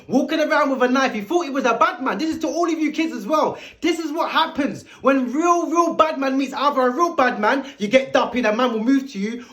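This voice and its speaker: A man's voice: extremely high pitch, a bit bright. A man giving an emphatic, lecturing vlog commentary, full of rhetorical questions aimed at his viewers. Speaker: commentary video host.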